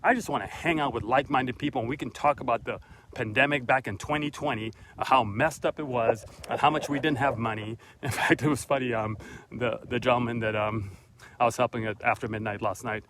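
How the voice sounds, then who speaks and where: A man's voice: medium pitch, steady tone, fairly quick, noisy background. A middle-aged man hosting a motivational vlog, talking earnestly and a bit preachy straight to his viewers while out on a walk, recorded on a handheld phone. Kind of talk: casual motivational monologue on a walk. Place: outdoors on a walk, then at his front door. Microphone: phone camera held by the speaker.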